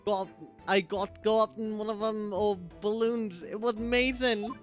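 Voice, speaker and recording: A brash young woman detective, cocky and chirpy, who drops words as she boasts, as a streamer puts her on. Quiet game music plays behind. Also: mid-range voice, fairly even intonation, unhurried, lightly acted. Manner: cocky, clipped and ungrammatical.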